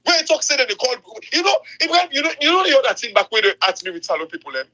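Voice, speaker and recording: A man's voice: extremely high pitch, big pitch swings, racing, bright, forceful tone, low-quality recording. A man with a Sierra Leonean accent in a heated political chat over a phone voice message, talking emphatically and repeating himself. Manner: emphatic, repetitive. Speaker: commentator.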